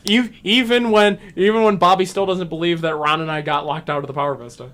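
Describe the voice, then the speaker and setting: This man speaks in a notably high voice, co-hosting a casual chat show. He rambles through anecdotes and bounces into lively quoted voices for the people in them. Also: fast talker. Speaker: podcast co-host.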